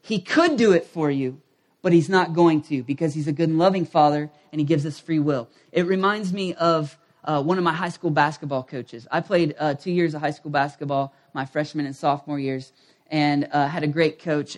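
A man with a high, bright voice preaches a sermon as pastor. He delivers it animatedly, swinging from quiet asides to near shouts. At times he drifts off the mic. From United States.

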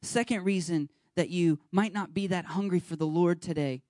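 A pastor preaches a sermon in an earnest, urging way, talking straight to the listeners. Short bits of dialogue get acted out along the way. The voice sits in a middle pitch and sounds dry and close, with little room around it. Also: normal speed, dark tone, no echo. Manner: acts out short dialogue scenes.

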